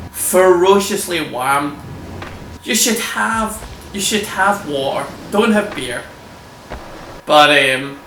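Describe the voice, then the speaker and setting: Man, casual gameplay commentary, rambling, swears a lot, bright edgy voice, echoey room. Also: on the high side. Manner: rambling, chatty, swears freely, laughs often. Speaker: gameplay video host. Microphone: desk microphone. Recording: echoey room with faint hum.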